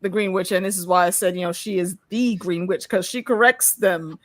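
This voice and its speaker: A woman hosting a casual show discussion, animated, laughing often and repeating her words as she talks. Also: on the low side, fairly quick, dry recording. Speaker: host.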